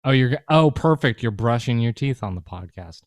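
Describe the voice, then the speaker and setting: A man's voice: mid-range voice, lively intonation, a little fast, dry recording, studio quality. A man co-hosting a podcast, chatting casually in a rambling, profane, joking way. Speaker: podcast co-host.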